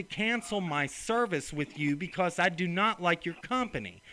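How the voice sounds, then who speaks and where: A man's voice: high-pitched, lively intonation, moderate pace, pushed and bright. A man angrily demanding help on a customer service phone call, sarcastic and confrontational. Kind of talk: heated phone complaint.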